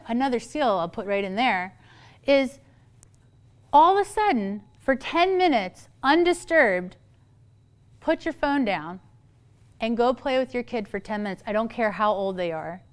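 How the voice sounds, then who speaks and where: Smooth, higher-voiced woman therapist. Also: animated, unhurried. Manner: humorous, chatty, acts out quoted people. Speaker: family therapist giving a parenting talk. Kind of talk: lively talk to an audience of parents.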